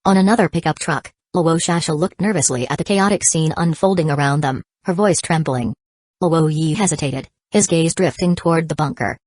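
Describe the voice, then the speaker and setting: A woman narrating an action novel as an audiobook, reading in an even, steady way. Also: deep voice, normal speed, no room sound.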